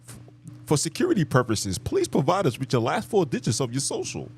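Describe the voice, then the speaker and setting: A man's voice: on the high side, wildly swooping pitch, fairly quick, darkish tone, slight background noise, voice pushed up. A man voicing an overly polite male call center agent who reads a formal customer-service script. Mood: stiffly polite.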